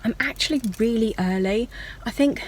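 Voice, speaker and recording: A woman's voice: on the high side, moderate pace, a little hiss or hum, rough recording. A woman talking through her day in a chatty, rambling vlog diary with self-mocking asides. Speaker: vlogger.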